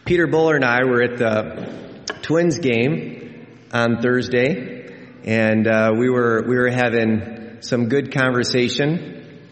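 Man, pastor preaching a sermon, slow deliberate pace, earnest and emphatic, echoey church hall with long reverb. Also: medium pitch.

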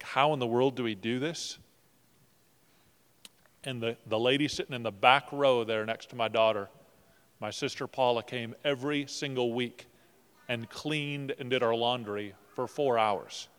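A man's voice: medium pitch, steady tone, normal speed, clear, resonant tone. A male pastor preaching a sermon and leading a closing prayer, earnest in tone and repeating words when moved. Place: church sanctuary. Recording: long reverb of a church hall.

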